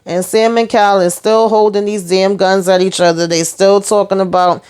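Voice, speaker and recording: A young adult woman hosting a casual TV episode recap, telling the story in a sassy, animated way with plenty of asides. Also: medium pitch, normal speed, clean tone.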